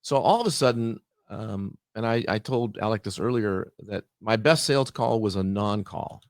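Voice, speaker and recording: This podcast guest is a middle-aged man with a lowish voice who speaks at a normal speed. He's an animated storyteller, chatting casually about work and performing both parts of the conversation himself. The recording is dry and studio quality.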